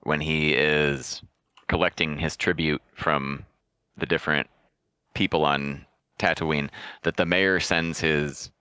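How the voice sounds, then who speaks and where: A man with a very deep, smooth, resonant voice and a bright, forceful edge. He speaks in a measured, deliberate way during a casual podcast chat. The sound is dry and close. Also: steady tone, no room sound. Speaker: podcast co-host.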